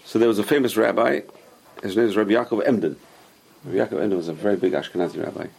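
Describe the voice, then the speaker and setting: A man's voice: on the low side, racing, creaky, darkish tone, slightly rough. A man, a rabbi, teaching a class and explaining patiently with many examples and questions.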